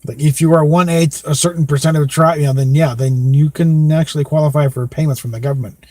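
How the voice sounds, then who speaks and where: A man talks loosely on a podcast, circling back with fillers and little laughs. His voice sits on the high side. The recording is dry and close, with no room sound. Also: fairly even intonation, quick pace, a little mellow, no room sound. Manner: rambling, many fillers, chuckles often. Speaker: podcast host. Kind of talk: rambling casual chat.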